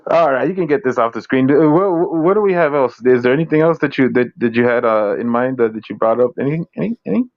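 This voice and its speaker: A man's voice: medium pitch, fast talker, few pauses. A man co-hosting a casual livestream, giggling and making jokes at his own expense. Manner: giggly, self-mocking jokes. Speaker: stream co-host. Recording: dull lo-fi audio.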